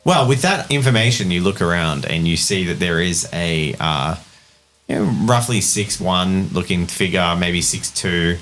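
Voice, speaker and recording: Deep-voiced game master. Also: male voice, measured pace, slight background noise. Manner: relaxed, rambling, with many fillers. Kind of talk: narrating a tabletop game.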